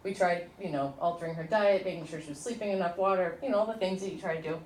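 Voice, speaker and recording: A middle-aged woman teaching an informal workshop, chatty and animated as she tells stories to the group. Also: fairly low pitch, fast, a little hiss or hum. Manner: chatty, storytelling, animated asides. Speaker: tapping instructor. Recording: echoey room from a distant mic.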